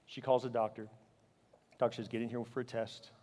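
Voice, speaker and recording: A man preaching a sermon, telling a personal story with strong emotion, moving between loud, fervent passages and quiet, halting ones. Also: mid-range voice, flat delivery, big-room sound. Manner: emotional storytelling, swinging from loud fervor to hushed, halting speech. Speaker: pastor.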